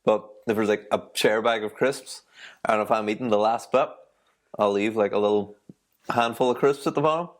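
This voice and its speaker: A man's voice: fairly low pitch, normal speed. Rambling, swearing Irish man. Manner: swears freely, rambling and relaxed. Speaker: podcast co-host. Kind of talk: casual chat.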